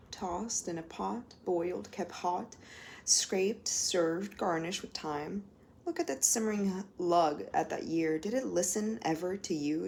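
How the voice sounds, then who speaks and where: A woman reading poems aloud at home in a measured way, lingering on single words. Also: on the low side, a little mellow, a little hiss or hum. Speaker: poetry reader.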